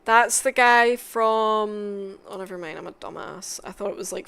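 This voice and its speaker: A woman making a casual music tier list, swearing often, mumbling asides and bursting into loud excited outbursts. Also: medium pitch, unhurried, creaky, clear, resonant tone. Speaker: content creator.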